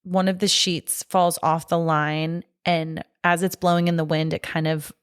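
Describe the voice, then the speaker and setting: A woman's voice: sits low, level tone, measured pace, clear, resonant tone, no room sound, studio quality. A woman co-hosting a podcast, retelling a horror film scene by scene in a chatty, casual way with lots of "like". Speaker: podcast co-host.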